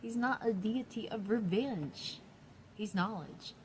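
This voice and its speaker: Speaking slowly in a mid-range voice, a woman vlogs casually on YouTube from her downstairs apartment, blunt, foul-mouthed, and quick to laugh. Slight background noise can be heard.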